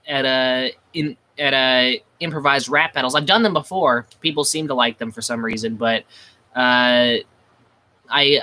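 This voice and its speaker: A man's voice: mid-range voice, bright, forceful tone. A man chatting casually on a livestream, rambling with many restarts, crude and self-mocking. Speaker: livestream host.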